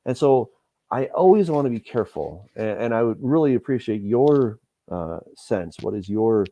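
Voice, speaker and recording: A man hosting a live interview, reading viewer questions and musing in a relaxed way. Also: medium pitch, normal speed, dry recording, muffled recording. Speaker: host.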